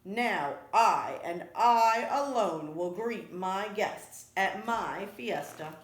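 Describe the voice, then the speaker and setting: A woman's voice: fairly high pitch, lively intonation, slow, pitched above the performer's own voice. A woman voicing a fussy, hard-working female iguana in a storybook reading, with a bossy, exasperated manner. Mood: furious. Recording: echoey room.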